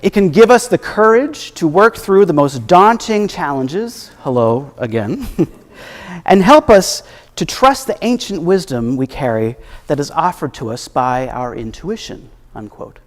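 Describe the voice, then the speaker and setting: A man preaching a sermon as minister, reflective and gently humorous, his voice at times dropping soft. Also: a little high. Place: church sanctuary. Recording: echoey hall with long reverb.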